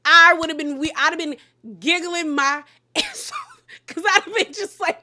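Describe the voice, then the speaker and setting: A woman casually recapping a reality show, animated and laughing often, quoting people in sassy asides. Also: very high-pitched, unhurried.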